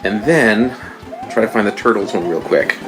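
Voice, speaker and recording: A man's voice: on the low side, moderate pace, over music. A man co-hosting a video game let's play, telling rambling stories in casual chat and laughing often. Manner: rambling, animated storyteller who laughs often.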